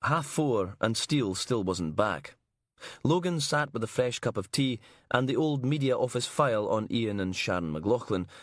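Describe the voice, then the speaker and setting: Low-voiced male audiobook narrator, dry. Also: dry recording.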